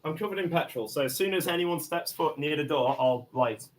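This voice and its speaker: An Englishman with a fairly high voice makes aggressive, profane demands on a phone livestream. He drops to low mutters, then bursts into angry shouting. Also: fairly quick. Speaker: livestreamer in a police standoff. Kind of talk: livestreamed confrontation. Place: inside a house.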